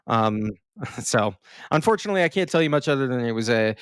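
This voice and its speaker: A man's voice: medium pitch, animated, brisk, clean tone, no echo, studio quality. A man co-hosting a podcast in casual chat, hesitant, with many ums and restarts.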